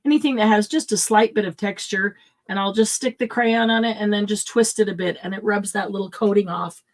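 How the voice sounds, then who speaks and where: A woman's voice: mid-range voice, a little fast. A middle-aged woman hosting a live craft supply sale, chatting casually and thinking aloud as she sets prices. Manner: chatty, thinks aloud while pricing items.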